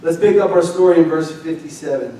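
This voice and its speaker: A young man preaching a lively, conversational sermon as pastor, leading the congregation in call-and-response. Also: a little high, fairly quick, slight background noise. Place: church sanctuary. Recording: roomy distant church mic.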